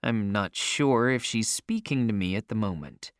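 A man narrating a first-person story in an emotional, expressive reading voice. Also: fairly low pitch, moderate pace, few pauses, no room sound, studio quality.

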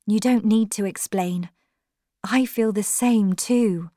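A woman's voice: mid-range voice, slow pace, warm tone, dry recording, clean studio sound, voice pushed up, close to an everyday voice. A woman voicing a spirited, headstrong young Englishwoman in a storybook reading, speaking firmly and with emphasis. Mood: tender. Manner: firm and emphatic.

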